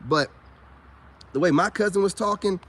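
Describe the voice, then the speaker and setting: A man, ranting to camera in an animated, preachy monologue. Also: moderate pace, husky. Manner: animated, preachy, rising to high-pitched exclamations. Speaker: vlogger.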